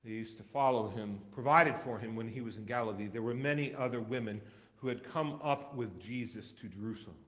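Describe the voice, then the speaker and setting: Man giving a dramatic scripture reading. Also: medium pitch. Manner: measured, dramatic, with wide swings in loudness. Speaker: scripture reader. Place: church.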